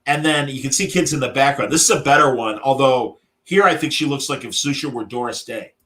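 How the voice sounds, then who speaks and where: A man's voice: medium pitch, brisk, a bit bright. A man hosting a podcast in casual, jokey chat, often breaking into silly voices. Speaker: podcast host.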